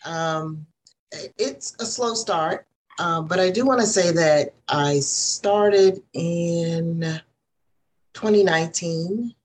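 A woman's voice: lowish voice, slow pace, darkish tone, slight background noise. A middle-aged woman therapist in private practice, rambling a little as she shares her story in a group Q&A. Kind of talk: casual group Q&A.

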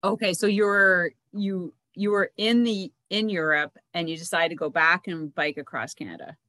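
A woman interviewing a guest, asking quick, curious follow-up questions in a casual chat. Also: on the low side, sharp tone.

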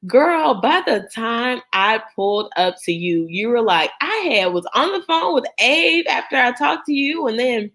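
A woman's fairly high voice tells a story on a casual podcast. She is an animated storyteller in her thirties who laughs often and breaks into bits of song. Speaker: podcast host. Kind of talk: casual chat.

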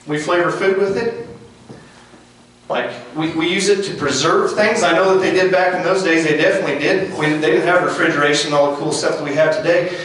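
Earnest preacher, echoey and distant. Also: male voice, on the high side, a little fast, a little hiss or hum. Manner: earnest, repetitive, folksy, dropping to hushed tones. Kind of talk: sermon. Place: outdoors.

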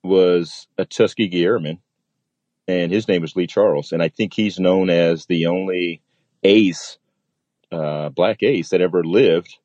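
A man's voice: low voice, unhurried, a little mellow, no echo, muffled recording. A man, a military pilot, telling a story in a casual interview and acting out the voices of the people in it.

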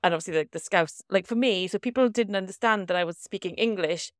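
A woman in her thirties from Wales with a light Welsh accent, co-hosting a casual medical podcast and telling stories in a chatty, animated way. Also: medium pitch, fast, dry recording, clean studio sound. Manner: chatty, animated storytelling with laughter. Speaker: podcast co-host, doctor. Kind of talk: casual chat.

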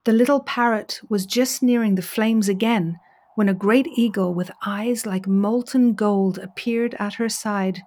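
A woman storyteller reads a folk tale aloud with dramatic, expressive phrasing. She lets her voice rise for the vivid passages and drops to a hush for tender ones. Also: mid-range voice, measured pace. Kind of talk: storytelling narration.

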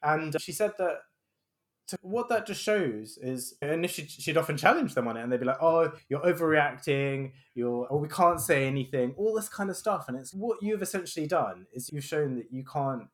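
A man's voice: on the high side, sing-song, fairly quick. A man co-hosting a podcast, talking thoughtfully and often restarting his sentences. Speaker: podcast co-host. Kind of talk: casual podcast chat.

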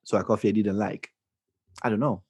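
A man's voice: fairly low pitch, fairly even intonation, fairly quick, darkish tone, slightly rough. A man co-hosting a podcast, chatting casually and throwing in dry quips and chuckles. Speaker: podcast co-host. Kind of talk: casual chat.

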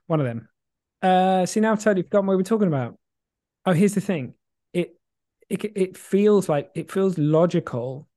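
Reflective man, mellow voice. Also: medium pitch, no room sound, clean studio sound. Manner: rambling, reflective, many fillers and restarts; swears casually, laughs easily. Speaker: podcast co-host. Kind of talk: casual chat.

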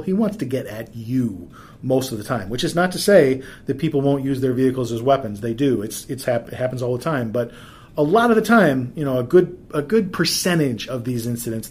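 A man's voice: medium pitch, darkish tone. A middle-aged man giving practical advice in a casual, conversational way, often restarting sentences and using fillers. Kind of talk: casual explanatory talk with anecdotes.

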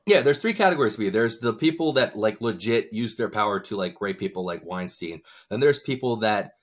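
A man's voice: on the low side, animated, brisk. A man co-hosting a podcast in easygoing casual chat, agreeing readily and chuckling often. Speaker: podcast co-host.

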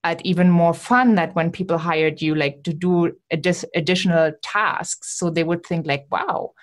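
A woman's voice: lowish voice, steady tone, normal speed. A woman hosting a podcast interview, enthusiastically summing up her guest's story before asking a question. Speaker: podcast host. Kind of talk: casual interview.

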